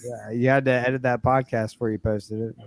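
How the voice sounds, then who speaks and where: A man's voice: medium pitch, flat delivery, fairly quick, vocal fry, no echo. A man appearing as a podcast guest, talking in a laid-back, easygoing way full of casual slang.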